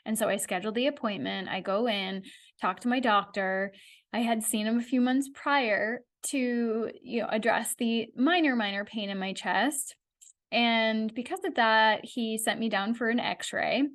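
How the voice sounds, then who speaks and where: A woman's voice: fairly high pitch, unhurried. A woman hosting a podcast, telling her own story in a candid, conversational way. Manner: candid, conversational, animated retelling. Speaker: podcast host. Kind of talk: personal storytelling monologue.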